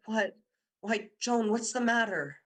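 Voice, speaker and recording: A man's voice: high-pitched, slow. A young man playing a persuasive male university student who coaxes and teases his girlfriend in a radio drama. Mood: tender. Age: young adult. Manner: coaxing, teasing, insistent. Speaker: boyfriend Dick. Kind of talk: amateur radio drama acting.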